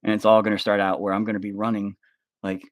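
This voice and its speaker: Low-voiced swearing guy rambling. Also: monotone, fast, no room sound, studio quality. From Oklahoma. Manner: rambling, swears a lot, says "bro". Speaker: vlogger. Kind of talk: casual rambling vlog. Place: at home, kids nearby. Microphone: phone held up.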